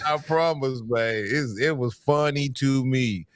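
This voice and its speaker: A man's voice: medium pitch, measured pace, no echo, clean studio sound. A man co-hosting a sports podcast, chatting casually with playful slang and an easy drawl. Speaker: podcast co-host.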